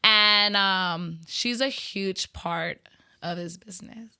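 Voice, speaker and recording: A woman's voice: mid-range voice, slow, creaky, sharp tone, smooth, dry recording, clean studio sound. A woman business owner chatting in an interview, talkative and laughing often, with lots of "you know" fillers. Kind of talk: casual interview chat.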